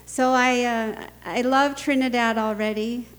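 A middle-aged woman speaking at a conference, telling anecdotes and jokes in an animated way and laughing often. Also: on the high side, unhurried, big-room sound. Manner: animated storytelling, laughs often, acts out quoted voices.

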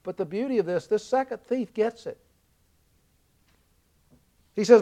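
A high-pitched man from the American South delivers a sermon. He retells the story earnestly, leaning in and swelling to loud emphasis on key lines. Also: lively intonation, unhurried, long pauses. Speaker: preacher.

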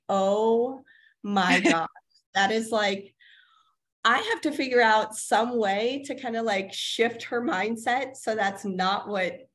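A woman in her thirties talking casually as co-host of a parenting podcast. Her voice sits in an ordinary middle pitch, and she rambles warmly through stories with fillers and frequent laughs. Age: 30s. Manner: chatty, many fillers, laughs often. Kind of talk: casual chat.

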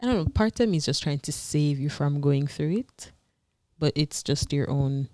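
A woman's voice: low-pitched, animated, normal speed, warm tone, dry recording, clean studio sound. A woman co-hosting a casual couple's podcast, earnest and explaining her view at length. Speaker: podcast co-host.

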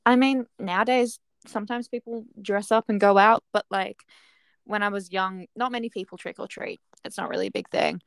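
A woman's voice: medium pitch, lively intonation, moderate pace, clean tone, dry recording. A young Australian woman guesting on a podcast, chatting casually with teasing, dry humor and frequent laughs. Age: young adult. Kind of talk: casual chat.

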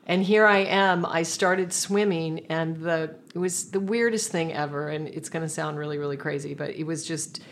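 A woman with a low voice tells a story in conversation. She is reflective and meandering, doubling back to restart her sentences as she goes. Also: normal speed, hardly any pauses, slight background noise. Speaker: guest.

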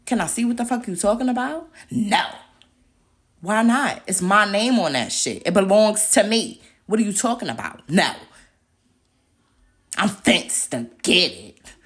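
A young woman hosting a podcast, ranting in a heated, profane and confrontational way and firing off repeated rhetorical questions. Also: fairly high pitch. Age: young adult. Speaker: podcast host. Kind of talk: angry podcast rant.

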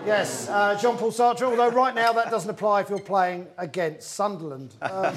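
A man hosting a comedy football quiz in front of a live audience, with quick, jokey patter. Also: sits high, very noisy. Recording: live audience laughing behind. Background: audience laughter.

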